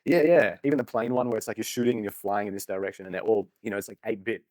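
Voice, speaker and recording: A man's voice: lowish voice, steady tone, darkish tone, dry recording. A young man, joking and swearing freely in a casual podcast chat. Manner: rapid, joking, swears freely, laughs often.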